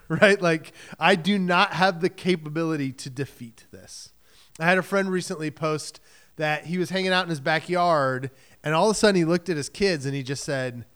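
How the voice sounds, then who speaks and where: High-ish guy preaching, super conversational, lots of like and right. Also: moderate pace, a bit bright, clear, resonant tone. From Michigan. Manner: conversational, acts out quoted voices, frequent "like" and "right?". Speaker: pastor. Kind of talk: sermon.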